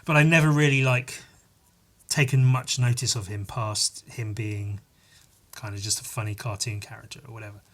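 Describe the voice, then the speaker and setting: A man's voice: on the low side, steady tone, normal speed, a bit bright. A man hosting a solo podcast, rambling and self-mocking and swearing freely. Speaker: podcast host. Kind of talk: casual solo podcast chat.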